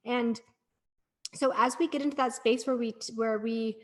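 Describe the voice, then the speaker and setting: A woman's voice: fairly high pitch, fairly even intonation, measured pace. A middle-aged woman, a breathwork practitioner, talking as a podcast guest in an earnest, encouraging storytelling manner. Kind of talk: casual podcast conversation.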